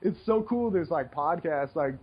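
Husky, excitable podcast host man. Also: on the high side, normal speed, muffled recording. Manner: excitable, rambling, laughs often. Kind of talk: casual chat.

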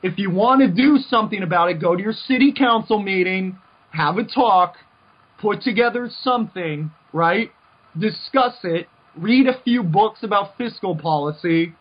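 A man's voice: sits high, breathy edge. A man hosting a podcast, delivering a heated, repetitive opinion rant with stumbling restarts. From United States. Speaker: podcast host. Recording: dull lo-fi recording.

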